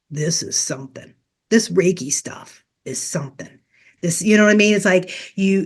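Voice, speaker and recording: Earnest middle-aged woman telling her story. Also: mid-range voice. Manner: earnest, retells conversations as dialogue. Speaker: guest, Reiki teacher. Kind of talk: personal storytelling in a podcast interview.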